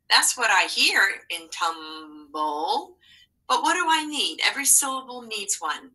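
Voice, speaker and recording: A woman's voice: medium pitch, bright, forceful tone, husky, rough recording. A woman teaching a phonics and spelling lesson to young children, encouraging and patient with sing-song prompts.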